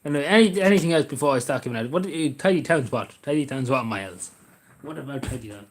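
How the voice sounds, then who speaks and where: A man's voice: medium pitch, expressive, fast. A man talks casually into a desk mic on his livestream. He rambles, making sarcastic, jokey asides as he goes. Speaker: livestream host.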